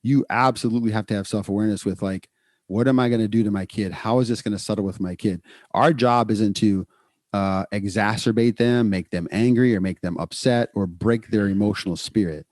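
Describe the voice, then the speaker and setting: A man hosting a podcast, explaining child behavior training in a casual, animated way and acting out what parents and kids say. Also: fairly low pitch, brisk, no room sound, studio quality. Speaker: podcast host, clinician.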